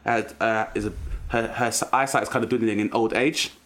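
A man in his thirties with a London accent, a comedian telling animated stories in a casual interview. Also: on the low side, a little fast. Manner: animated storyteller, acts out strict relatives. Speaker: comedian guest.

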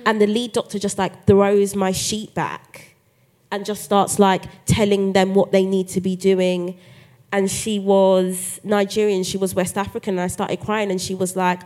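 A woman's voice: medium pitch, a little slow. A woman, a guest author telling her story in a live podcast interview, acting out the voices of others as she goes. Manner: animated storytelling, acts out quoted voices. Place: live festival stage.

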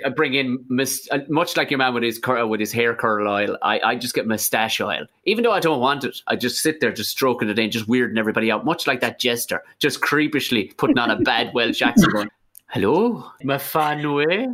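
A man chatting casually on a podcast, joking and ranting with comic exaggeration. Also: medium pitch. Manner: animated, jokey, prone to rants and comic exaggeration. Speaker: podcast co-host. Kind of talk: casual chat.

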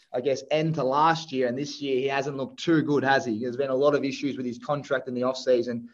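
An Australian man with a slightly high voice co-hosts a podcast, chatting enthusiastically about his sports picks. The audio has its high frequencies cut off.

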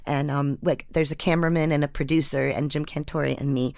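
Low, gravelly-voiced woman reporter. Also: steady tone, fairly quick, darkish tone, dry recording, clean studio sound. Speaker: newspaper reporter and guest. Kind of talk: reading her feature story, then casual storytelling.

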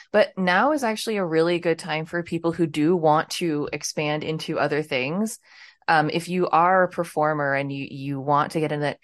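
Low-voiced woman podcast host, chatty. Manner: chatty, rambling with fillers. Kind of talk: casual podcast interview.

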